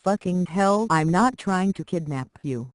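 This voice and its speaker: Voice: medium pitch, lively intonation, a little slow, no room sound, natural voice. A computer voice reading Blake, a grumpy young man. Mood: annoyed. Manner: reads chat text aloud, spelling out dots and letters.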